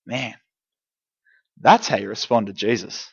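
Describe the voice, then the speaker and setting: A man giving a lively, jokey youth group talk, speaking straight to teenagers. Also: fairly high pitch, moderate pace, highs cut off. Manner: energetic, jokey, direct address to teens. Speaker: youth pastor.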